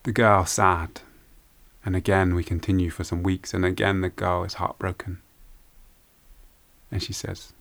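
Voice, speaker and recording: A man telling a folk tale aloud in an unhurried, hushed way, with repeated phrases. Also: sits low, level tone, gravelly. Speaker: storyteller. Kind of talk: oral folk-tale storytelling.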